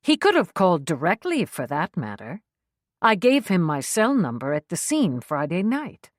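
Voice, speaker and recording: A woman's voice: on the low side, wildly swooping pitch, normal speed, no echo, studio quality. A woman putting on a prim older London secretary. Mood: prim, lecturing. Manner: prim, lecturing, condescending. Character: officious older British woman secretary, disapproving.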